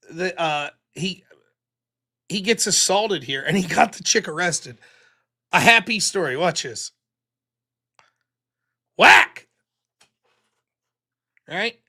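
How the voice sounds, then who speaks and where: A man's voice: sits high, bright, forceful tone. A man hosting a live stream, ranting casually with plenty of profanity.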